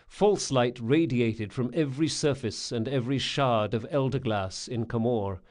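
Male audiobook narrator, mid-pitched, measured and descriptive. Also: darkish tone.

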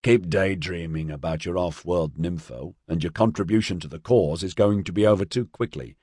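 A man's voice: sits low, normal speed, darkish tone, husky, no echo, studio quality. A man voicing a brash young man who teases and mocks his friend in a storybook reading. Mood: teasing. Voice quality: mocking.

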